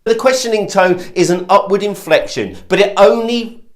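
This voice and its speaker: A man's voice: high voice, moderate pace. A man giving an emphatic lesson on sales calls, stressing key words and demonstrating voice tones. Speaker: sales trainer. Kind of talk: instructional talk to camera.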